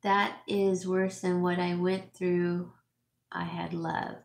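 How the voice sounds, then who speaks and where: A middle-aged home stager and vlogger, teary and sniffling, chats casually while reading viewer comments, laughing and using fillers a lot. She speaks slowly in a lowish voice with vocal fry and little pitch movement. The echoey room carries slight background noise.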